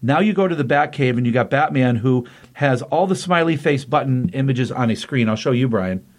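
A man's voice: medium pitch, animated, a little fast. A man hosting a casual podcast, retelling a comic book plot with rambling enthusiasm and lots of fillers. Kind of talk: casual chat recapping a comic.

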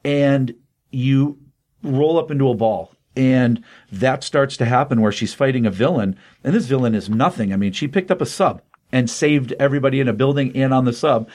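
A man's voice: mid-range voice, normal speed, a little mellow. Earnest older man reviewing a comic. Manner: earnest, rambling with fillers, emotionally open. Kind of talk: casual comic book review.

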